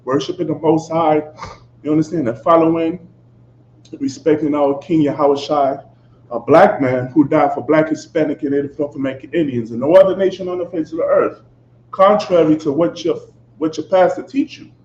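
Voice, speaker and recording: A man preaching a fiery sermon, emphatic and confrontational, constantly checking "you understand?" and swinging between loud outbursts and low asides. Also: fairly even intonation, moderate pace, a little hiss or hum. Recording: echoey, dull, slightly lo-fi with faint ambience.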